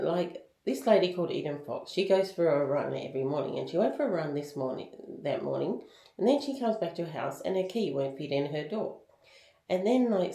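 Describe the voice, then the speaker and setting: A woman with a low voice chats through a casual book review, candid and full of ums and likes. Her voice is recorded in a roomy, echoing space. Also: warm tone.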